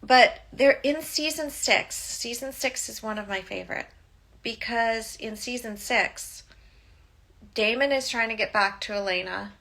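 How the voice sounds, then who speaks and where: A woman speaking straight to camera in a personal vlog, earnest and emotional. Her voice carries a gravelly fry and a bright, sharp edge. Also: a little high, unhurried. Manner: emotional, heartfelt retelling with frequent "like". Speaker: childbirth educator and coach.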